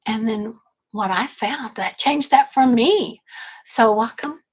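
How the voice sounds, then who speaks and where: A woman's voice: on the high side, slow pace, breathy edge, low-quality recording. An older woman from Texas, a grandmother, hosting a casual livestream and chatting to viewers in a rambling, self-correcting way. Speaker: livestream host and business coach.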